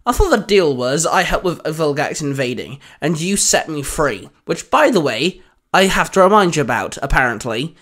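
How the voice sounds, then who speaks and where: A man's voice: on the high side, animated, normal speed, fairly bright tone. A man voicing a sarcastic, bitter alien boy genius with a grumbling manner. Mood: mocking.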